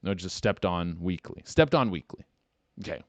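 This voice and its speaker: A man hosting a podcast in casual, rambling talk, full of swearing and fillers, getting animated when excited. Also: low voice, normal speed, no echo, highs cut off. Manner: rambling, profane, lots of "like" and "dude". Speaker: podcast host.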